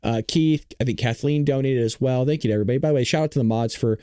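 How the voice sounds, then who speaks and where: Hoarse, chatty live-stream host man. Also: medium pitch, racing, no room sound, clean studio sound. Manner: chatty, animated, reacts to chat. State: hoarse, losing his voice. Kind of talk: live-stream political commentary.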